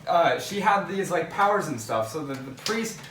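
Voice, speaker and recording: A man's voice: a little high, animated, normal speed, a bit bright, slight background noise. A young man in a casual podcast chat, hesitant and full of fillers. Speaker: podcast guest. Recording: distant mic in echoey room.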